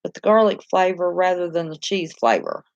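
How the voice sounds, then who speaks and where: A woman's voice: lowish voice, lively intonation, normal speed, no room sound, muffled recording. Chatty Southern woman live-streaming. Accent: Southern American. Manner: chatty, homey, laughs easily. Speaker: channel host reading live chat. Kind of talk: casual live-stream chat.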